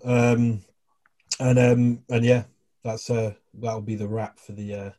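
A man's voice: mid-range voice, little pitch movement, slow pace, warm tone. A man hosting a podcast in an easygoing, casual chat, with a lot of fillers and restarts as he wraps things up. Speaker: podcast host.

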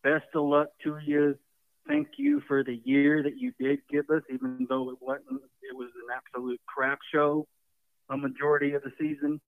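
Breathless gravelly man calling in by phone. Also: a little high, very animated, normal speed, no room sound. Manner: emphatic, preachy, repeats himself. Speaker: caller. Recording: phone line.

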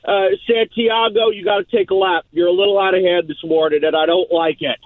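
A man calling into a radio show from his mobile, speaking slowly in a mock-dejected, deadpan way. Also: high voice, no echo. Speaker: regular caller. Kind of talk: call-in. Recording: tinny phone line from a mobile.

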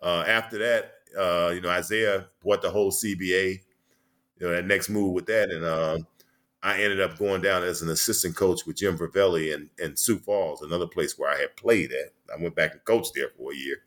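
A man's voice: low voice, fairly even intonation, moderate pace, fairly bright tone. A man in his sixties, a former basketball player and coach, telling long rambling stories in a casual interview, full of "you know" fillers.

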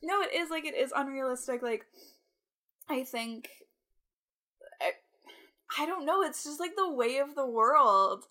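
A woman's voice: high voice, animated, measured pace, long pauses, sharp tone. A young woman in her twenties talks casually as a podcast co-host. Her speech is loose and rambling, full of "like" and easy laughter. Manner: chatty, heavy use of "like", frequent laughs. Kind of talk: casual chat.

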